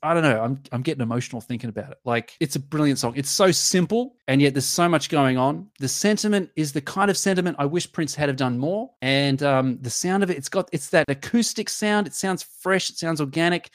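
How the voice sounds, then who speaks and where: Excited man humming song parts. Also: fairly high pitch, a little fast, hardly any pauses, dry recording, studio quality. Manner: enthusiastic, sings and hums musical lines. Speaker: podcast co-host. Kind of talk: casual music review chat.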